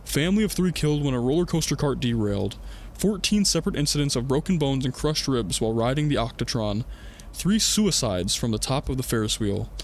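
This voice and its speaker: A man's voice: mid-range voice, very animated, a little fast, slight background noise. A young man streaming a horror game, reading in-game notes aloud and joking casually into a desk mic. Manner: reads in-game notes aloud, jokey, laughs. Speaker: gaming streamer. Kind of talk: casual let's-play commentary.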